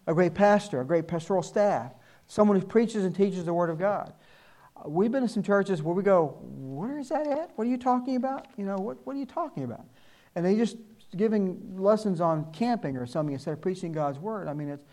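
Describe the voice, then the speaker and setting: A man's voice: high-pitched, darkish tone. An older man giving a sermon, telling folksy personal stories and acting out the people he quotes. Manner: folksy storytelling, acts out quoted voices. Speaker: church speaker.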